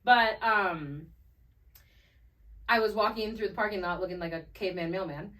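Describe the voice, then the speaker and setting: A woman's voice: medium pitch, normal speed, fairly bright tone, distant mic. A young woman co-hosting a podcast, chatting casually and rambling with lots of fillers and restarts. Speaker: podcast co-host. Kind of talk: casual chat.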